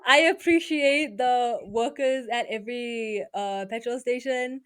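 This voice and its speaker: A young woman from Africa, co-hosting a casual podcast chat in a chatty, lively way, often trailing off and restarting. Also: on the high side, measured pace, clean tone. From South Africa. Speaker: podcast co-host.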